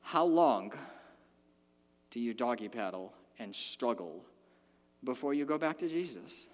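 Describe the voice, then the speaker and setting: A man preaching a sermon in a church, animated and emphatic, rising to loud peaks and dropping to quiet asides. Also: medium pitch, measured pace. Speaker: pastor. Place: church sanctuary. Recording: long hall reverb.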